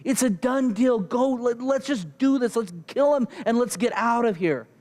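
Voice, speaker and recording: A man's voice: extremely high pitch, expressive, normal speed, darkish tone, in a large hall, pitched above the performer's own voice. A man doing a pushy, urgent soldier. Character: eager male soldier urging a kill, pushy.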